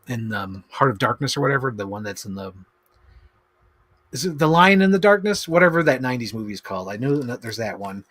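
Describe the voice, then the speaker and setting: A man in his thirties rambles through a casual unboxing stream at a middling pitch. He talks in an excitable, chatty way and keeps breaking into laughs. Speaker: streamer host. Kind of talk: casual chat while unboxing collectibles.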